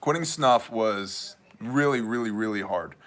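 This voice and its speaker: A man's voice: lowish voice, measured pace, a bit bright. A man from Wisconsin hosting a casual livestream, joking and laughing often. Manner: joking, laughs often, mock Canadian voices. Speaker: livestream host.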